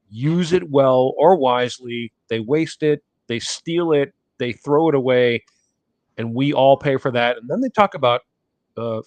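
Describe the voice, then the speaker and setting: A man's voice: mid-range voice, a little mellow, no room sound. A man co-hosting a podcast, ranting bluntly about government and swearing freely in casual talk. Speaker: podcast co-host. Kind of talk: casual political podcast chat.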